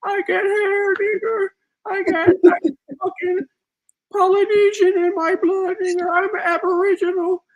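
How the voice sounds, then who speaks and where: A man putting on a shrill, whiny impression of a furious male rival debater who rants, curses and half-sobs on a live audio panel. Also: level tone, unhurried, poor audio. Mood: ranting. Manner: squeaky, sobbing, cursing rant.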